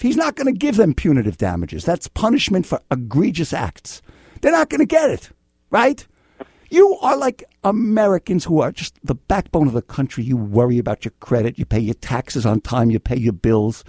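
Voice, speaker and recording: An older man hosting a call-in legal advice radio show, blunt and excitable, swinging between yelling and calm. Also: a little high, breathy edge, no echo, studio quality. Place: radio studio.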